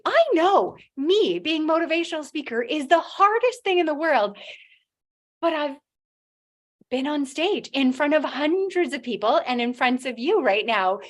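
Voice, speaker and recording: Higher-voiced woman giving a halting stage talk. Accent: non-native English accent. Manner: halting, with restarts and acted-out quotes. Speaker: motivational speaker.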